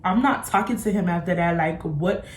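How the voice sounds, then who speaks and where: A woman's voice: fairly low pitch, normal speed, echoey room. A young adult woman vlogger, telling a casual storytime in a candid, slangy way and acting out the people she quotes. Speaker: beauty vlogger.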